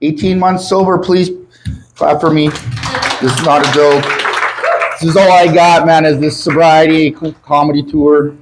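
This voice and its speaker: Male Canadian stand-up comic, a touch high-pitched, crude self-mocking patter full of swearing. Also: fairly even intonation, normal speed, slight background noise, low-quality recording. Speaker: stand-up comedian. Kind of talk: stand-up comedy set. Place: comedy club stage with a live audience.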